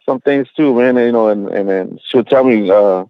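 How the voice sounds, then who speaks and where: A man's voice: on the low side, brisk, dry recording, narrow, tinny audio. A man speaking as a rapper guest in a casual interview, slangy and profane, leaning on "bro" and "you know what I'm saying," and mixing in Spanish phrases.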